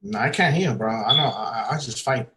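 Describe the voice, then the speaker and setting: A man's voice: mid-range voice, brisk. A man playing in a tabletop game, joking around in casual chat. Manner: joking, laughing, lively. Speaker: player.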